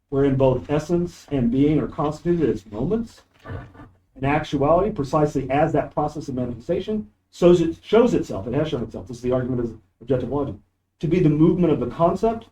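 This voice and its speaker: Man lecturing in a dark-toned voice. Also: fairly high pitch, rough recording. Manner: discursive, emphatic, reads quoted passages aloud. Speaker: philosophy lecturer. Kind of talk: university lecture. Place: university classroom. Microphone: no microphone, audio cleaned up after.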